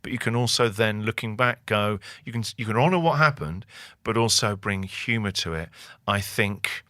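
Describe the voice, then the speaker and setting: A man's voice: on the low side, normal speed, no echo, studio quality. A man in his forties, a guest talking openly and reflectively in an interview, acting out little voices as he tells stories. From England. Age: 40s. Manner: reflective, animated storyteller who acts out voices. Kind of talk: candid interview conversation.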